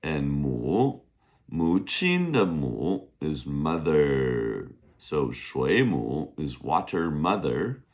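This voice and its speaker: A man's voice: extremely low pitch, very animated, very slow. A man teaching a casual language lesson, upbeat and drilling words for repeating, his voice worn from a long day of recording. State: losing his voice. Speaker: Mandarin teacher. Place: beach, outdoors.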